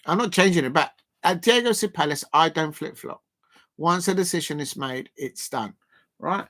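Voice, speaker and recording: A man's voice: on the high side, moderate pace, sharp tone. A man hosting a live stream in a casual, playful way, repeating catchphrases and chuckling to himself.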